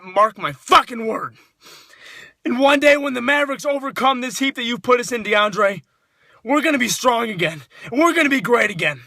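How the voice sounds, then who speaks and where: A man delivering an angry, profane rant to camera as a sports fan, shouting often. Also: very high voice, expressive, fairly quick, no echo.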